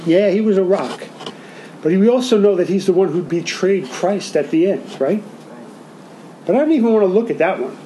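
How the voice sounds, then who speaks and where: A man with a high voice preaches a sermon to his congregation. He talks conversationally and keeps asking them questions. A faint noise sits behind him. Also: animated, moderate pace, dark tone, low-quality recording. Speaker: pastor.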